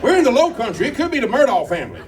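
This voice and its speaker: A fairly high-voiced man working a comedy club crowd with folksy, drawling stories. He is caught from some distance on a stage mic, with audience laughter and guitar under him. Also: wildly swooping pitch, rapid-fire, heavy background noise. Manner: folksy storytelling, crowd banter. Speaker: stand-up comedian. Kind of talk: stand-up comedy with sung bits.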